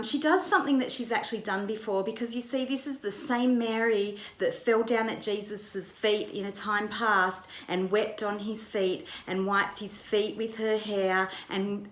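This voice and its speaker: A woman's voice: mid-range voice, moderate pace, few pauses, echoey room. A woman pastor retelling a Bible story in a conversational way, with vivid narration. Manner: vivid retelling, acts out quoted lines.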